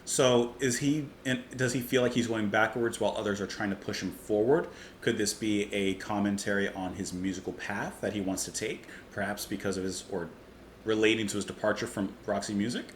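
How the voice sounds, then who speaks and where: A man's voice: on the low side, fairly quick. A man hosting a music reaction channel, musing aloud about a song in a chatty way and comparing it to food. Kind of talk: casual music review monologue. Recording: roomy echo, faint background hiss.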